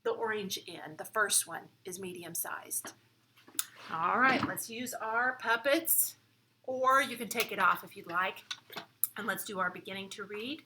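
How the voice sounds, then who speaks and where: A woman teaching preschoolers in a classroom, speaking clearly and instructively, one step at a time. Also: medium pitch, normal speed, noisy background. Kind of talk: children's lesson.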